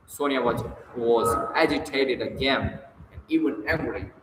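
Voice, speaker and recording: A man narrating a classic novel aloud in a live reading, measured and expressive. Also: mid-range voice, a little hiss or hum. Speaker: reader. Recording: roomy live room with reverb.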